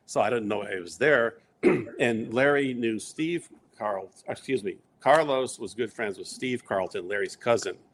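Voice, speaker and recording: A middle-aged man telling long, rambling stories in a relaxed interview, acting out quoted lines along the way. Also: mid-range voice, unhurried, a little hiss or hum. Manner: rambling anecdotes with quoted asides. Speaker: interview guest. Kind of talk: casual storytelling.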